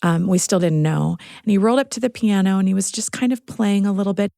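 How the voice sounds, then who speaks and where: A woman's voice: medium pitch, quick pace, creaky. A middle-aged woman, a guest in an interview, telling a personal story with earnest feeling. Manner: earnest, storytelling, at times choked up. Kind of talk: emotional interview.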